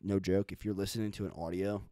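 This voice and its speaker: A young man hosting a podcast, chatting casually with deadpan mock bragging and swearing. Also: deep voice, fast, no room sound, studio quality. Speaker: podcast host. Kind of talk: casual chat.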